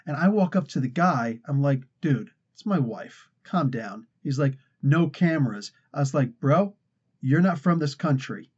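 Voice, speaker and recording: A man's voice: medium pitch, slightly rough, highs cut off. An American man hosting a comic culture channel, telling a rambling casual story and acting out the quotes with laughs. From United States. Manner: rambling, animated retelling with acted-out quotes and laughs.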